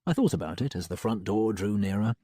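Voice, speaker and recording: A man narrating an audiobook in the first person, wry and expressive, on a close studio mic. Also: lowish voice, brisk, husky, dry recording. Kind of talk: scripted narration.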